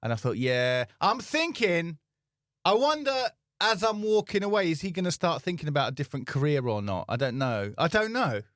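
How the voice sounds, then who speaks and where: A man co-hosting a comedy podcast, telling an anecdote in a casual, animated way and acting out the people in it. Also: sits high, no echo, clean studio sound. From England. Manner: animated, acts out voices in anecdotes. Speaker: podcast co-host.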